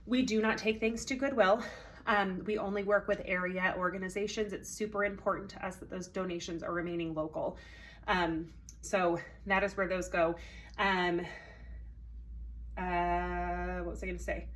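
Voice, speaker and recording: A woman's voice: on the low side, steady tone, normal speed, slight background noise. Chatty woman, a little out of breath. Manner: chatty, friendly, many ums. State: slightly out of breath, congested. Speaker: consignment sale organizer. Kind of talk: casual announcement to sellers.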